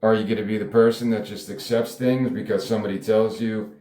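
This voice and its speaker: A man with a fairly low voice thinks out loud about his own story, wandering through restarts and side remarks. He chuckles often and swears casually. The sound is roomy, with a noticeable echo. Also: level tone, a little fast. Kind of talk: casual spoken reflection.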